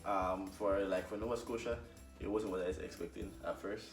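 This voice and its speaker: A Jamaican man with a low voice talks casually and unhurriedly, pausing with fillers as he thinks. He sounds a little far from the mic in an echoey room, with faint music behind. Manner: relaxed, halting, many fillers. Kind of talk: casual conversation.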